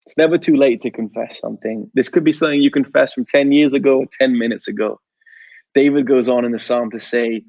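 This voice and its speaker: A man's voice: medium pitch, steady tone, brisk, vocal fry, a little mellow, dry recording, dull audio. A man giving a conference talk as a poet, speaking in a rhythmic spoken-word style that repeats phrases and sometimes drops close to a whisper.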